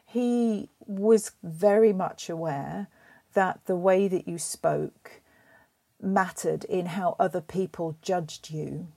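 A woman's voice: fairly low pitch, takes it slowly, vocal fry, warm tone. A woman reflecting thoughtfully in an interview.

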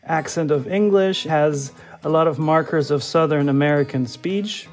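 Expert interviewee: man, slightly high voice, careful explainer, faint guitar bed. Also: normal speed. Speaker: linguist interviewee.

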